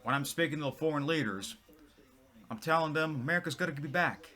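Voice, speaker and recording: A man's voice: a little high, a little fast, pushed and bright, voice pushed up. A man doing a speechifying impression of an older male politician, talking emphatically. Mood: rousing.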